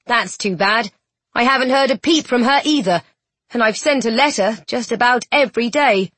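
A woman's voice: fairly high pitch, normal speed, fairly bright tone, no room sound. A woman voicing a cheerful, easygoing young male stage actor who talks in a friendly, joking, folksy way in a storybook reading. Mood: rueful.

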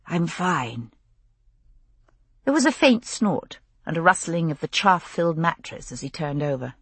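Low, husky woman narrating intimately. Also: normal speed, no echo. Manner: expressive, intimate storytelling. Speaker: audiobook narrator. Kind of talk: first-person novel narration.

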